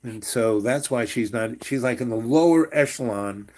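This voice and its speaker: Older guy in his 60s rambling through a childhood story, lots of ums, voice drops off, middle pitch. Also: normal speed. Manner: meandering, heavy on "um" and "you know", trailing off quietly. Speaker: storyteller host.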